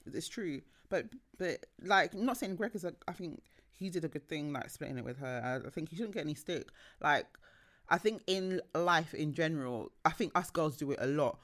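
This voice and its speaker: A woman co-hosting a podcast, chatting casually and telling stories in an animated way with many restarts. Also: low voice, normal speed. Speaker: podcast co-host. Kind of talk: casual chat.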